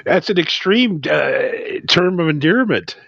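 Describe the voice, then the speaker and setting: A young man co-hosting a podcast in casual chat, joking loudly and laughing a lot. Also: a little high, lively intonation, a little slow, creaky, husky, dry recording, highs cut off. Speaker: podcast co-host.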